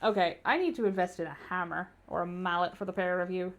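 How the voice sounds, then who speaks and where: A woman's voice: fairly low pitch, fast talker, few pauses. A woman streamer giving casual game commentary, with joking asides and game text read aloud.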